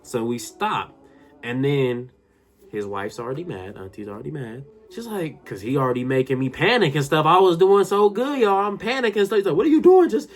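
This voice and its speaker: A man telling a personal story to his viewers in a casual, excitable way, often addressing them directly. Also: a little high, moderate pace, faint music behind. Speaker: storytime YouTuber.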